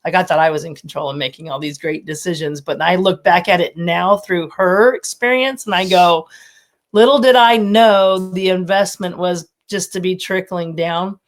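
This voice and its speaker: A woman in her fifties, a former college softball coach, telling stories with animation and frequent laughter as a podcast guest. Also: fairly low pitch, normal speed. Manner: animated storytelling, laughs often. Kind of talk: casual podcast interview.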